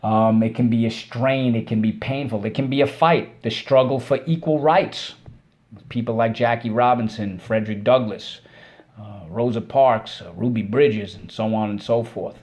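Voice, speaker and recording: A man's voice: mid-range voice, normal speed, a little mellow. A man teaching children their spelling words in a video lesson. He goes through each word syllable by syllable and stops to praise pupils he can't see. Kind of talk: online spelling lesson for kids.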